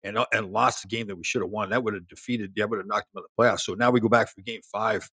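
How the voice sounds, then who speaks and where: Fast-talking husky older man. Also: lowish voice, no echo. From Canada. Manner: animated storyteller, laughs, many restarts. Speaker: guest, former pro hockey player. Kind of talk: casual storytelling interview.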